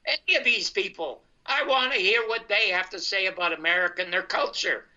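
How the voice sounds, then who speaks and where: An older man spins a long anecdote, acting out both sides of the conversation. His voice is very bright and forward. It comes through a muffled, dulled internet call line. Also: high-pitched, fairly quick. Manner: animated storyteller quoting others in dialogue. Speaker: guest comedian. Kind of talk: storytelling anecdote. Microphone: video call.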